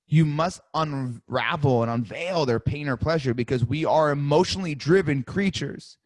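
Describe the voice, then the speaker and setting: A man coaching real estate agents in a live webinar, energetic and demonstrative, often acting out sales calls. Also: on the high side, moderate pace, no room sound, clean studio sound.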